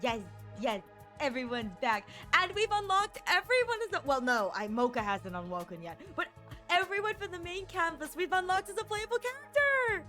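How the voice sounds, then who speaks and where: Giggly high-voiced woman streamer. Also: soft background music. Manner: giggly, animated, quick to burst into voices. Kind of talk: casual gameplay commentary.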